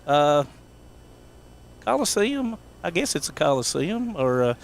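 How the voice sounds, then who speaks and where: A man commentating local high school sports in a folksy, rambling way, with many fillers and restarts. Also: sing-song, slow pace, creaky.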